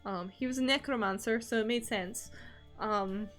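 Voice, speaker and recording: A woman's voice: a little high, moderate pace, faint music behind. A young woman chatting casually on a stream while she draws, rambling and laughing often between thoughts. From Scotland.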